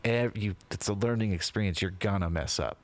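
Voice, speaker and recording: A man's voice: fairly low pitch, a little fast. Laid-back man telling a story. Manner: laid-back storytelling, swears freely, calls people man and dude. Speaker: podcast co-host. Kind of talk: casual chat.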